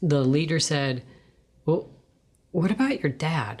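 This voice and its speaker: A woman giving a personal faith testimony in a soft, earnest way, sometimes dropping to a hushed whisper. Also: sits low, expressive, slow pace, slightly rough. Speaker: guest sharing a testimony.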